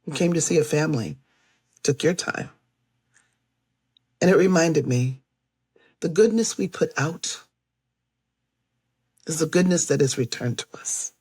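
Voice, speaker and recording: A woman storyteller telling a personal story in a lively way, acting out the people she meets. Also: sits low, measured pace, long pauses, slightly rough, no room sound, clean studio sound.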